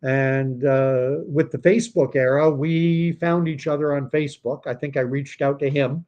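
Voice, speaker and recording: A man's voice: mid-range voice, steady tone, normal speed, muffled recording. A man in his fifties from Canada, hosting a casual livestream and talking in a rambling, digressive way with many fillers and restarts. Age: 50s. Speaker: livestream host.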